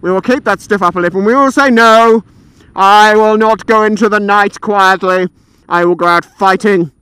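A man playing a pompous, high-voiced gent. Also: very fast, bright, forceful tone, clean tone, dry recording. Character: pompous old-fashioned English gentleman, proud, blustering. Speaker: motorcycle vlogger. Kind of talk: comic character monologue. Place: outdoors riding a motorbike on city streets. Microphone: helmet-mounted action camera mic.

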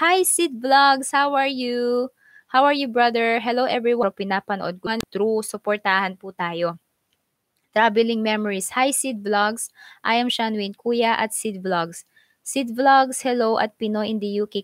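A woman's voice: medium pitch, dry recording. A woman hosting a casual live stream, bubbly, reading out and greeting viewers by name.

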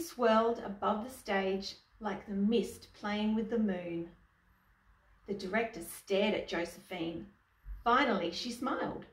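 Slow woman reading a picture book. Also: medium pitch. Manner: asks the young listener questions. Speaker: storyteller. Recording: echoey room, distant mic.

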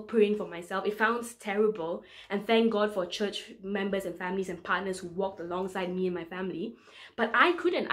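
Young woman giving an earnest testimony. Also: mid-range voice. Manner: earnest, emotional storytelling with lively quoted prayers. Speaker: guest preacher, medical student. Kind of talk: personal testimony sermon. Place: church online service recording.

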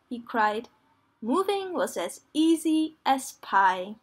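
A woman reads a children's story aloud in a gentle, clear manner. Her voice sits fairly high and her pace is slow and unhurried, suited to young listeners. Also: big pitch swings.

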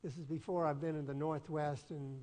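A pastor with a Southern US accent, preaching an earnest, folksy sermon and telling personal stories with self-deprecating humor. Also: male voice, fairly high pitch, steady tone, moderate pace, warm tone. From Southern United States. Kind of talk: storytelling sermon. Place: church sanctuary. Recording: long church-hall reverb.

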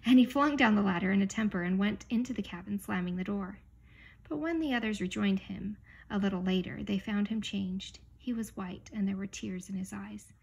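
Gravelly-voiced woman reading a children's novel. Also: medium pitch, a little mellow, rough recording. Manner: measured, with small slips and restarts. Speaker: reader.

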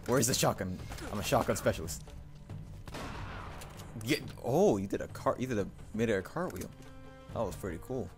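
Over game music, a young man casually comments on the game he's playing, joking, swearing, and talking to himself. His voice is on the low side and animated, at normal speed with frequent pauses.

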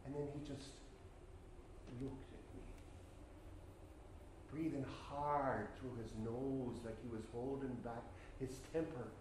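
This is a stage monologue from a college play: a young man plays a rural Irishman telling a ghost story, chatty and meandering, punctuated by nervous laughter. He speaks in a natural mid-range voice with a steady tone, taking it slowly and pausing often. The live theatre is echoey, and background noise can be heard.

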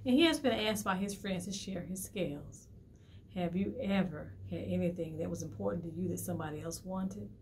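A woman hosting a library storytime, reading a picture book to preschoolers in an animated way and asking the children questions. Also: fairly low pitch, brisk, a little hiss or hum.

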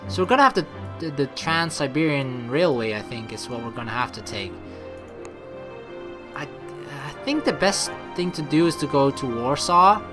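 A woman's voice: low voice, lively intonation, normal speed, over music. A woman doing a casual let's play commentary, reading game text aloud and joking and swearing as she goes. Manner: chatty, swears and laughs at own jokes.

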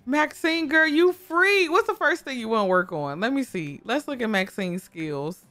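A young woman giving casual gameplay commentary, gushing, excitable and talking to her game characters, often breaking into high squeals. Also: normal speed. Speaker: gaming YouTuber. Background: faint background music.

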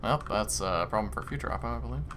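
A young man chatting casually while playing a game, excitable, swearing and laughing often. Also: on the low side, fast talker, a little hiss or hum. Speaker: gaming streamer. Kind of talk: casual gameplay chat. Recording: keyboard clicks and typing behind.

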